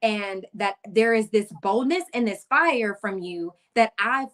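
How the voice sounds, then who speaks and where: A woman's voice: mid-range voice, unhurried. A woman health coach telling a personal story casually and acting out the dialogue. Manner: animated, acts out quoted dialogue.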